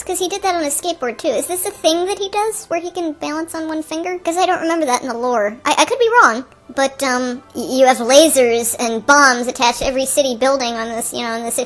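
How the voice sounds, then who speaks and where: A woman with a notably high voice hosts a casual movie-review show. She chats her way through the film in a rambling, question-filled commentary and slips into soft whispered asides. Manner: chatty and rambling, jumps between quick asides and questions. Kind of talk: casual running commentary while watching a film.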